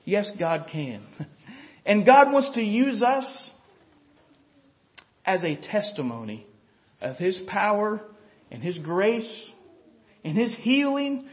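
A man with a notably high voice preaches a sermon in an easygoing, talkative way, chuckling now and then and checking in with his listeners. The recording is dull and lo-fi, with a muffled top end. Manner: conversational preaching, chuckles, frequent "you know".

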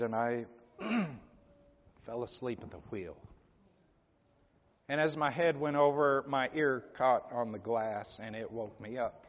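A man preaching a revival sermon, swinging from loud, pleading appeals to hushed, low endings. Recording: dull, echoey hall.

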